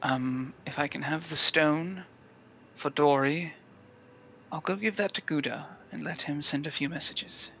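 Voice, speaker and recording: A player speaking in character in a tabletop game, calm and measured. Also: medium pitch, muffled recording, slight background noise.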